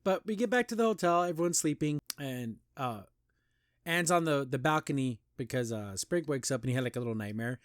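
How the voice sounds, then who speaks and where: A man hosts a cartoon review show, chatting in a brisk, casual, enthusiastic way. He rambles with plenty of "like" and "you know," his intonation lively, and his pitch leaps whenever he praises a scene. The recording is clean studio sound with no room noise.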